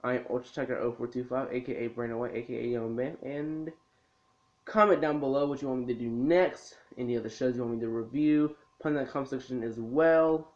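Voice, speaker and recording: Chill guy rambling thru a show recap, mid pitched voice, kinda muffled lo-fi audio. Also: fairly quick. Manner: rambling, full of ums and restarts, laid-back. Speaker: anime review vlogger. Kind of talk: casual spoken episode recap. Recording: slightly muffled lo-fi recording.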